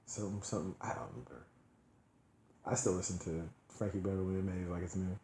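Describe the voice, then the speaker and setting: A man's voice: sits low, lively intonation, fast talker, crowd noise. A man co-hosting a podcast, telling stories in loose, joking slang. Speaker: podcast co-host. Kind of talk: casual chat. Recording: echoey room with faint noise.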